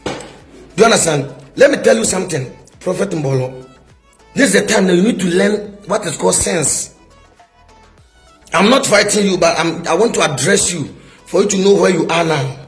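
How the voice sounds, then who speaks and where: A man's voice: high voice, normal speed, pauses often, faint music behind. A middle-aged man with a Ghanaian English accent, a prophet scolding a rival in a heated video response, full of rhetorical questions.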